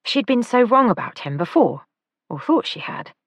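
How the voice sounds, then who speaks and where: A woman narrating an audiobook in a calm, even storytelling manner. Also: on the high side, moderate pace, no echo. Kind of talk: scripted narration.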